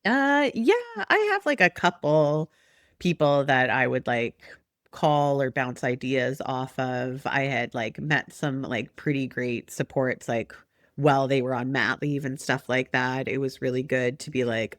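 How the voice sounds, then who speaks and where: A woman's voice: rumbling low, a little slow, no room sound, clean studio sound. A woman in her forties, a podcast guest chatting casually and acting out remembered conversations. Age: 40s. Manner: animated, acts out remembered talk with laughs.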